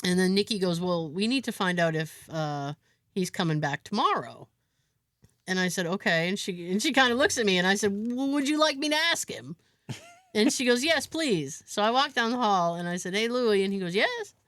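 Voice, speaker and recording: A woman co-hosting a podcast tells a story in loose, casual chat, acting out what other people said. Her pitch swings widely as she talks, and her voice sounds close and dry, with no room sound. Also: fairly quick, no echo. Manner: animated storyteller who acts out other people's lines. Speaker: podcast co-host.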